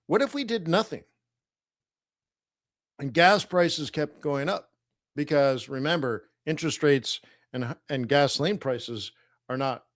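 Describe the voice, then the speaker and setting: A man's voice: a little high, dry recording, clean studio sound. A man hosting a live trading stream, talking casually in a rambling, conversational way and chuckling often. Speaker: forex trading livestream host. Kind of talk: casual livestream commentary.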